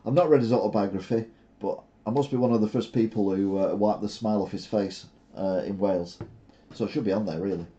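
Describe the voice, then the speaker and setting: An older man chats on his live stream in a very dark, mellow voice. He rambles and stalls on filler sounds, and his humour stays dry and sarcastic. The sound is dull and lo-fi, like stream audio. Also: lowish voice, a little fast. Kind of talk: casual live stream chat.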